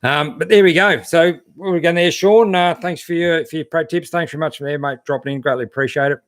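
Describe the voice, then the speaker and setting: A man's voice: a little high, brisk, dry recording. Laid-back Australian man, dry sound. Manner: laid-back, matey, lots of fillers and restarts. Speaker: 4WD channel host. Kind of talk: casual live-stream chat reading viewer comments.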